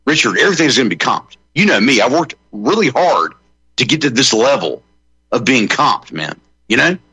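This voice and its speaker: A male comedian rambling through jokes on a radio panel, full of ums and uhs. His voice is bright and a touch husky, with a lively, swooping pitch. The sound is dry and close. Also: normal speed, no room sound, low-quality recording. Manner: rambling, joking, many fillers. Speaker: comedian guest.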